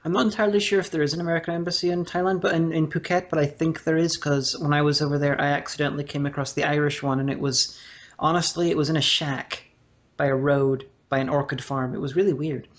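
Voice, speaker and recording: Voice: medium pitch, steady tone, fast. A podcast speaker discussing a film casually, hesitant with many restarts and fillers. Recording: dull lo-fi audio.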